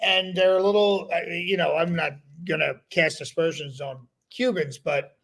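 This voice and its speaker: Man, podcast host, fairly high voice, gushing and chatty. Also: fairly even intonation, moderate pace, fairly bright tone. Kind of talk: casual chat.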